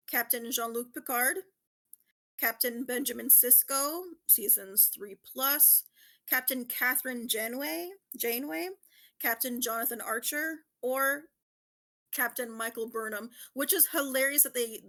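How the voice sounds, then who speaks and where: A woman hosting a casual podcast quiz, excitable and quick to laugh. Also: on the high side. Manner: excitable, laughs often, quizmaster. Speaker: podcast host running a quiz.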